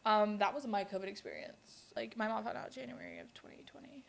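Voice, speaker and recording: A young woman hosts a podcast, a little higher than most. She tells stories bluntly, swears freely and laughs through the telling, with quick asides. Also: gravelly, crowd noise. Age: 20s. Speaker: podcast host. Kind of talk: casual storytelling chat.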